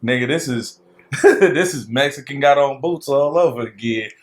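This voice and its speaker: A man in casual chat, cutting in with quick jokes and laughing along. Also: medium pitch, lively intonation. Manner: joking interjections, laughs along. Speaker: podcast co-host.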